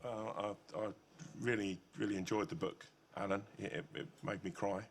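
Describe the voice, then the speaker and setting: A man's voice: fairly low pitch, little pitch movement, fairly quick, a little hiss or hum. A man in the audience who stammers awkwardly through his question and story. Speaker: audience member.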